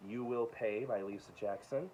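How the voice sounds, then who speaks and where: A man casually showing his book collection, reading titles aloud with quick offhand asides. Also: medium pitch, mellow, slight background noise, low-quality recording. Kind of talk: casual show-and-tell of books.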